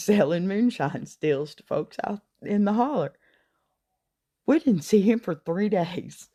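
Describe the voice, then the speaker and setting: A woman's voice: fairly low pitch, mellow. A middle-aged woman telling folksy comic stories in a wry, drawling way. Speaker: comedic storyteller. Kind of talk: comic storytelling monologue.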